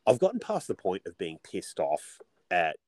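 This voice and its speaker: A man co-hosting a casual film podcast, talking in a low voice that swings widely in pitch. He swears freely and keeps the chat animated. Every so often he drops into a joking put-on voice. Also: moderate pace, dry recording. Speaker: podcast co-host.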